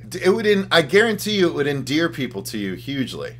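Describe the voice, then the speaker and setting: A man co-hosting a casual livestream chat, excitable and profane, reading viewer comments aloud. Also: on the high side, fast talker. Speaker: podcast co-host.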